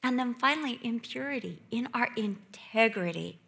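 A middle-aged woman preaching a sermon with passion, dropping to hushed whispers and rising to loud exclamations. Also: fairly high pitch, lively intonation, moderate pace, gravelly, husky.

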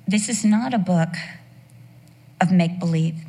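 Husky woman teaching in a reverberant hall. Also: on the low side, moderate pace. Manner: emphatic and expressive, with lively storytelling. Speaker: Bible teacher. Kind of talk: Bible teaching talk to women.

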